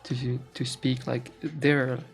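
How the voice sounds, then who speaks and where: A French-Canadian art streamer, French being his first language, chats casually while drawing on stream, slowly and at mid pitch, with faint music behind him. He rambles and searches for words, with frequent "uh"s and restarts.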